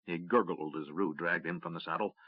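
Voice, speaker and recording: A man narrating a fantasy audiobook in a steady, measured reading. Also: low-pitched, slightly rough, no echo. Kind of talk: scripted narration. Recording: dry, slightly dull audiobook recording.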